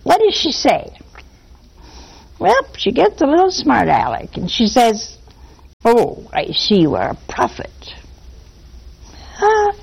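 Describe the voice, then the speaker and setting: A woman preaching a sermon, animated and throwing rhetorical questions at her listeners. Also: a little high, poor audio.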